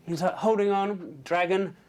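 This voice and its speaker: A man pitching storyboards, narrating the action vividly and adding his own sound effects. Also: fairly even intonation, moderate pace, background noise.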